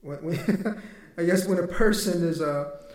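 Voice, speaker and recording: High-voiced man preaching in an echoey room. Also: measured pace, a little mellow. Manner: conversational, quotes people, laughs between points. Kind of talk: sermon with personal story.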